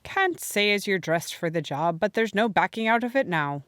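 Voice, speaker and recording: A woman's voice: mid-range voice, animated, normal speed, fairly bright tone, no room sound, pitched above the performer's own voice, lightly acted. A woman reading the part of a kindly, dry-humored older handyman in an audiobook. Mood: wry. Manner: dry, matter-of-fact grumbling.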